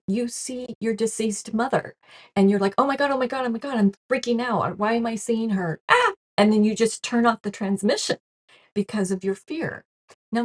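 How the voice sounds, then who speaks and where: A woman's voice: lowish voice, a little mellow, husky. A woman giving a casual spiritual talk to camera, earnest and chatty, often laughing and acting out quoted reactions. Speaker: spiritual teacher.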